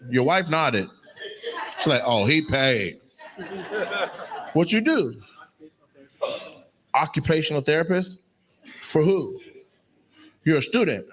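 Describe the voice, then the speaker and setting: A man doing stand-up crowd work, teasing audience members in brash, profane banter on a live stage mic. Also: fairly high pitch. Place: live comedy venue. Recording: noisy live venue sound.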